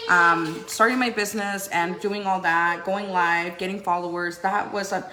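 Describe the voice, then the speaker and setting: A woman's voice: fairly even intonation, normal speed, bright, forceful tone, a little hiss or hum, rough recording. A woman chatting on a casual live stream from her home at breakfast, talking about her life and often laughing. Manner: chatty, laughs often, high baby talk to her kids. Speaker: vlogger and mother.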